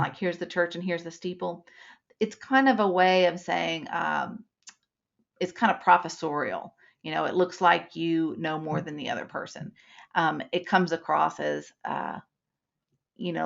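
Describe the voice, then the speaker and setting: A woman instructor talks through a live webinar lesson in a lowish, gravelly voice. She explains by acting out short examples. The sound is dull and lo-fi. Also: fairly bright tone.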